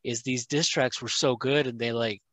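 A man's voice: medium pitch, fairly even intonation, normal speed, a bit bright, dry recording. A man co-hosting a podcast, talking casually and telling a story with lots of "right?" and "you know", acting out what others said. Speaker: podcast co-host. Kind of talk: casual chat.

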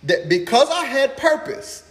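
A man preaching a sermon as pastor, in an animated, conversational way, retelling scripture playfully and repeating key lines for emphasis. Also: very high-pitched, a little slow, in a large hall. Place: church room streamed online.

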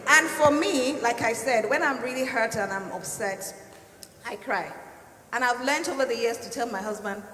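A woman with a bright, forceful, fairly high voice speaks earnestly on a church panel. She drives her points home with emphasis and repetition. The sound is roomy, with a long hall reverb and faint ambience behind. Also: normal speed, a little hiss or hum. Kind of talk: panel discussion answer.

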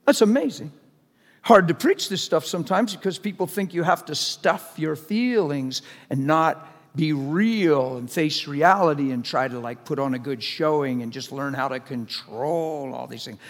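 A man's voice: fairly high pitch, moderate pace. A middle-aged man preaching a sermon to a congregation, conversational and jokey, pressing the crowd with questions. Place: large church hall before a congregation. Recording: long hall reverb.

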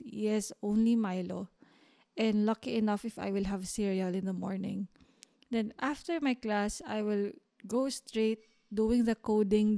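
A young woman hosting a solo podcast, talking through her thoughts in a reflective, unhurried way with small restarts. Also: mid-range voice, warm tone. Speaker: podcast host.

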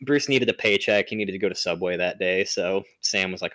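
A man's voice: deep voice, fairly quick, sharp tone, dry recording. A young man co-hosting a casual movie podcast, rambling with lots of fillers and restarts. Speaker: podcast co-host. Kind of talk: casual movie-recap chat.

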